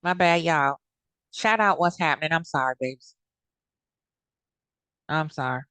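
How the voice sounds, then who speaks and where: A woman's voice: sits low, unhurried, a bit bright, clean tone, no echo. A woman giving blunt, heated commentary in a casual vlog, cursing freely. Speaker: commentary vlogger.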